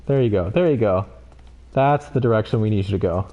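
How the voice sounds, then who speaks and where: A man streaming a game live, commenting excitably, swearing and pleading with the game. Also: lowish voice, brisk, highs cut off.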